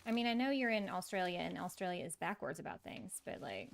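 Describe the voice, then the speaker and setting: A woman's voice: lowish voice, big pitch swings, brisk, gravelly. Chatty woman streaming a game. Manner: chatty, laughs often, reads and answers chat. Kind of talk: casual gaming stream chat.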